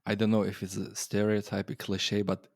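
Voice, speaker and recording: Chatty podcast host, dry close sound. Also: male voice, fairly low pitch, completely flat delivery, normal speed, dry recording. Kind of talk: casual interview chat.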